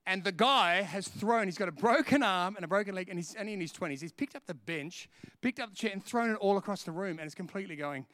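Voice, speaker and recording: High-pitched, animated male preacher. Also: fast, no room sound, studio quality. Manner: animated storytelling, laughing at himself. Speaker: pastor. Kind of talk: sermon with personal story.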